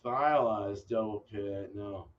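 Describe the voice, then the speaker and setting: A man's voice: fairly low pitch, takes it slowly. A man hosting a homebrewing vlog, thinking aloud in a casual, distracted way and swearing offhandedly. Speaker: homebrewer and channel host. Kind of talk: casual rambling vlog talk. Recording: dull lo-fi audio from a distance.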